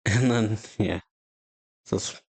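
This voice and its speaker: A man hosting a reaction video, retelling and reading a comic chapter aloud in a halting way full of fillers. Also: lowish voice, creaky, darkish tone, slightly rough, no echo. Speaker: channel host.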